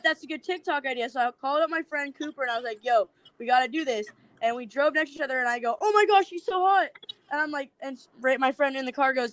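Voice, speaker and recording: A young woman telling prank stories on a podcast, giggling often and acting out her friends' lines. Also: high voice. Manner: giggly, animated storyteller, acts out friends' lines. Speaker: guest TikTok creator. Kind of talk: casual podcast storytelling.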